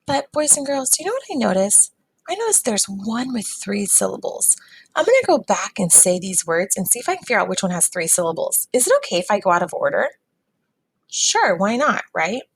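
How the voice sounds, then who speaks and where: A woman teacher giving a recorded phonics lesson to young students, patient and sounding words out slowly. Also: mid-range voice, big pitch swings, slightly rough, no room sound, low-quality recording.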